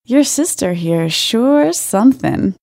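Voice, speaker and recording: A woman's voice: fairly high pitch, lively intonation, unhurried, creaky, darkish tone, no echo, clean studio sound, pitched above the performer's own voice. A woman putting on a genial twangy southern man. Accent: Southern US (put on). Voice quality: slight twang. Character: flirty southern-charming man at a jacuzzi.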